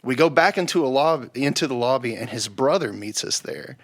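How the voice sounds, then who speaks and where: A young man telling a rowdy story on a podcast, swearing freely and loudly acting out the people he quotes. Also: medium pitch, expressive, fairly quick. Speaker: podcast guest. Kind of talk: casual storytelling.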